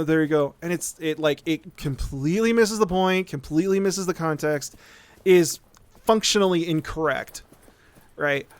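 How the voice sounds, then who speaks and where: A man talks through a long, rambling rant while he plays, cursing easily and checking in with his listeners. His voice sits a little high and sounds clean and resonant. The room is dry and close. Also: smooth, dry recording. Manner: rambling, profane, keeps asking "right?". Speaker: streamer. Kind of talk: casual live-stream rant while gaming.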